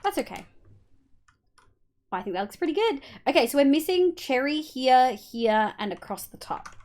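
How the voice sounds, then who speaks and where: Chatting on a livestream, a young Australian woman plays a building game, her high voice animated, slightly mellow and at normal speed. She curses without hesitation and hums small sound effects while she works.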